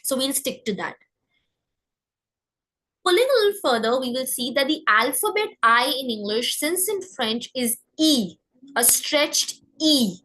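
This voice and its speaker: A woman teaching French pronunciation, saying example words slowly so learners can repeat after her. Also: sits high, big pitch swings, bright, forceful tone, rough recording. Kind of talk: pronunciation lesson.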